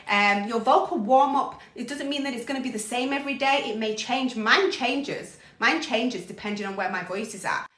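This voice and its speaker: A woman vocal coach talking casually through her warm-up routine, relaxed and chatty, breaking into sung practice sounds. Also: a little high. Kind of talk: casual vocal warm-up lesson on a live stream. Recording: echoey room, voice a little off-mic.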